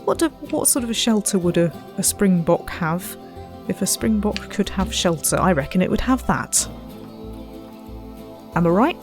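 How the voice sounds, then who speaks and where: A woman's voice: mid-range voice, animated, moderate pace, faint music behind. A woman giving casual gameplay commentary, chatty and self-mocking, muttering to herself and the animals. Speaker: let's play gamer.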